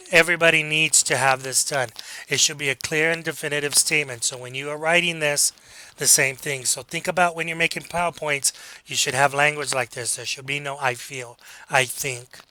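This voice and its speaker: A man teaching a communication class, talking through examples in a relaxed, conversational way and acting out quoted lines. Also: fairly high pitch, moderate pace, a little hiss or hum, poor audio. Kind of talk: recorded online lecture.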